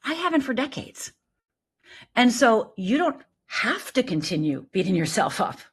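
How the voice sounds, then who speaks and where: A middle-aged woman, a life coach, talking in an animated, emphatic way as an interview guest. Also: a little high, measured pace, slightly rough. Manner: animated, emphatic, lively storytelling with quoted voices. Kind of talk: conversational interview.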